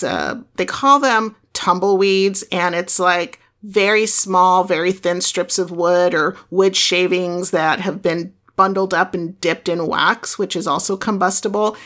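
A middle-aged woman hosting a podcast, telling casual stories in a chatty, animated way and acting out the voices she quotes. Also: fairly low pitch. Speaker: podcast host. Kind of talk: casual storytelling monologue.

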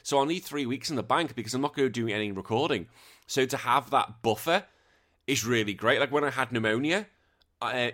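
A man's voice: medium pitch, fairly bright tone. Chatty British man hosting a podcast. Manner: rambling, chatty, self-deprecating. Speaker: podcast host. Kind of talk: casual podcast monologue.

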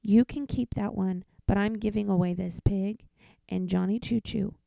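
A woman's voice: medium pitch, fairly even intonation, normal speed, vocal fry, warm tone, dry recording. A woman voicing an exasperated mother who talks in a firm, bossy way.

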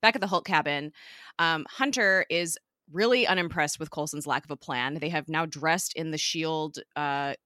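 A woman hosting a podcast, recapping a TV episode in a chatty way, full of fillers and quick giggles. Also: deep voice, sharp tone, no echo, studio quality.

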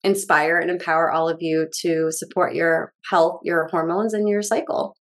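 A woman's voice: fairly low pitch, flat delivery, moderate pace. A woman in her forties co-hosting a podcast as a life coach, talking in an upbeat, encouraging, enthusiastic way. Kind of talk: casual podcast chat.

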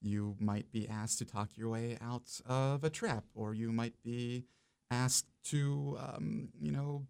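A man's voice: medium pitch, steady tone, takes it slowly, vocal fry, a little mellow, smooth. Easygoing man, radio guest. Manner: easygoing, explains with many fillers. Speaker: guest, dungeon master. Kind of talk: casual radio interview. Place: radio studio.

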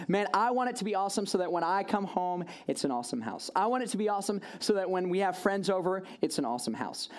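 Speaking in a high voice, a man tells stories as a sermon to his congregation, keeping it chatty and informal with frequent "like" and "right?" asides directed at the listeners.

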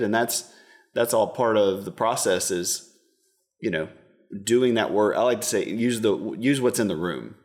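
Low-voiced counselor man, rambling. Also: unhurried, darkish tone. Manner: earnest, rambling, acts out quoted dialogue. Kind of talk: casual interview talk.

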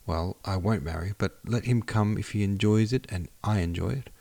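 A playful, dreamy teenage girl in an audiobook, full of eager, teasing questions, as read by a man. The voice sits low and gravelly. The sound is close and dry. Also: normal speed, a little mellow, no room sound. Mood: insistent. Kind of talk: audiobook character reading.

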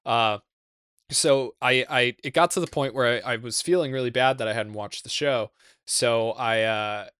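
Young male podcast host, loose and profane, full of fillers; smooth, clear voice, dry close-mic sound. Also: mid-range voice, fairly bright tone, no echo. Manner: rambling, profane, lots of fillers and restarts. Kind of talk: casual podcast chat.

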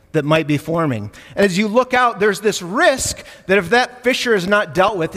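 A man with a Midwestern Chicago accent preaches a sermon, keeping it conversational and joking with his congregation. His voice sits a little high for a man. The sound rings out with the long reverb of a church sanctuary. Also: fairly bright tone. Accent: Midwestern American, Chicago area. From United States.

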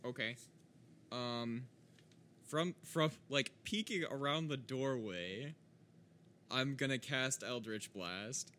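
Slow, halting man at a game table. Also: mid-range voice, pushed and bright. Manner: hesitant, halting. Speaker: player. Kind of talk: casual tabletop gaming chat.

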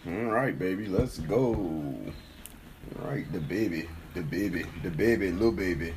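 A man's voice: deep voice, lively intonation, unhurried, background noise. A man co-hosting a podcast, chatting casually and loosely, swearing freely. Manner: laid-back, profane, laughs often. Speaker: co-host.

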